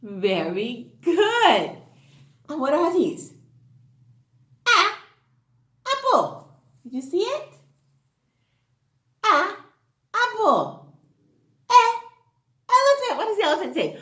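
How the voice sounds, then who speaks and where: Sing-song, slow-talking woman teacher. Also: high-pitched, reverberant. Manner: sing-song, exaggerated and animated, with excited gasps. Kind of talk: children's phonics lesson.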